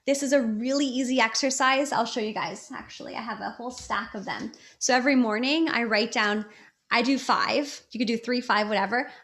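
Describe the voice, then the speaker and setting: A woman's voice: a little high, brisk, a bit bright. A woman hosting a podcast, giving upbeat motivational advice in a chatty way, with many fillers and restarts. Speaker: podcast host. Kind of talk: casual motivational talk.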